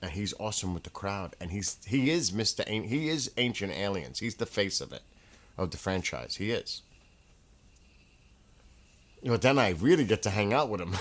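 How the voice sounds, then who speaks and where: A man hosting his own livestream from a room at home, telling casual, rambling stories in an excitable way, with restarts and laughs. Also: on the low side, moderate pace, pauses often. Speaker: livestream host.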